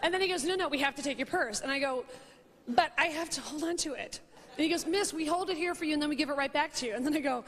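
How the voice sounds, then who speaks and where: A woman in her thirties rambling through a funny anecdote in an animated, chatty way, full of "like" and "you know", laughing at her own story. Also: high voice, fast. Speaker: comedian and talk show host. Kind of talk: comedic storytelling monologue.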